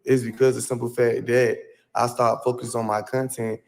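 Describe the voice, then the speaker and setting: A man of ordinary pitch rambles through a personal story on a livestream. He talks in loose slang and circles back over the same points. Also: level tone, moderate pace, gravelly. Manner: rambling, slangy, repeats himself.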